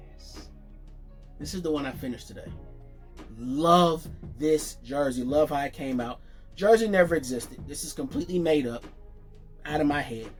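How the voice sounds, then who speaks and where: Excited male vlogger, mid-pitch, casual show-and-tell, soft music behind. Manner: excited, chatty, fillers and self-corrections. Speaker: jersey collector showing his collection.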